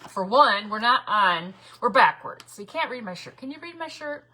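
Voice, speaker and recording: A woman's voice: on the high side, lively intonation, normal speed, sharp tone. A middle-aged woman hosting a casual craft livestream from her home craft room, chatty, laughing often and greeting viewers by name. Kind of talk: casual live-stream chat.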